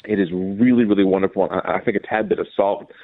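Co-host, male, lively anecdotes, narrow phone-line audio. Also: quick pace. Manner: animated storyteller, mimics people in a higher voice. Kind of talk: casual chat. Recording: dry, phone-like narrow sound.

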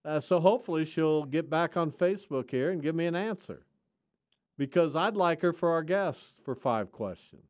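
A man's voice: fairly high pitch, expressive, normal speed, dry recording, clean studio sound. A man hosting sports talk radio, teasing his co-hosts in mock-indignant banter. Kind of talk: casual sports radio chat.

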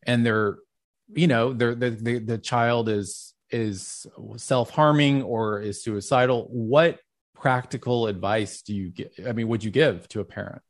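In a casual interview chat, this male podcast host talks at an unhurried pace with a medium-pitched voice. His manner is heartfelt and meandering, with frequent restarts and many uses of "like."

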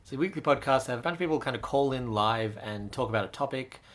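A man's voice: medium pitch, lively intonation, fast. Upbeat Australian man hosting a podcast. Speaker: podcast host. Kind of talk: podcast intro and narration.

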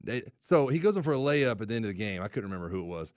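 A man's voice: lowish voice, big pitch swings, racing, darkish tone, no room sound, clean studio sound. A man who used to play pro football, co-hosting a sports radio show in loose, casual talk. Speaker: sports radio co-host, former player.

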